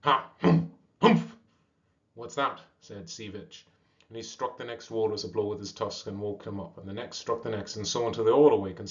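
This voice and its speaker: A man reading a classic animal story aloud at a steady pace, with small slips and restarts. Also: lowish voice. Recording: dull lo-fi recording.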